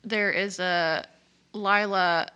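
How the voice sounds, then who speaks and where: Playful podcast cohost woman, bright voice, always agreeing. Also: medium pitch, fairly even intonation, drawn-out words, clear, resonant tone, dull audio. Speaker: podcast co-host. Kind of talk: casual chat.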